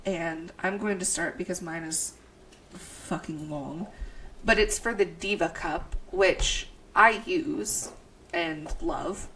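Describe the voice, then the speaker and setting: Stuffy-nosed woman, low voice, casual chat. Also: takes it slowly, fairly bright tone, distant mic, slight background noise, rough recording. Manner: swears freely, laughs through reading a review. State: stuffy nose from allergies. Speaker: podcast co-host.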